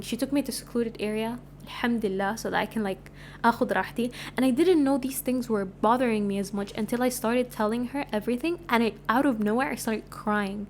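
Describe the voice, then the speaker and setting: A woman in her twenties from Sudan hosts her own podcast. She tells her stories in a loose, chatty way, full of "like" and quick asides. Her voice sits a bit high, and a soft hum runs underneath. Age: 20s. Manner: chatty, animated, lots of filler "like". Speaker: podcast host. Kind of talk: casual storytelling.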